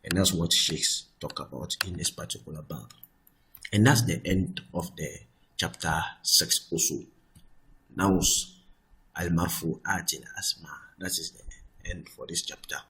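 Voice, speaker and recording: A man's voice: low voice, a little slow, pushed and bright, rough recording. Man teaching grammar patiently. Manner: repeats "I hope that is clear", explains patiently step by step; slips between English and Arabic example sentences. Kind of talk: recorded grammar lesson.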